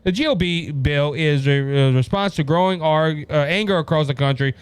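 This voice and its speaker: A man with a Louisiana accent hosting a political commentary podcast, emphatic and halting, full of restarts. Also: a little high, clear, resonant tone, no room sound. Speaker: podcast host.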